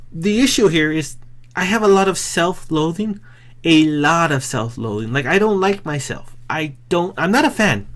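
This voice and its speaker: A man's voice: high voice, a bit bright. A man talking straight to camera in a casual, rambling vlog, self-deprecating and often restarting his sentences. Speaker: vlogger.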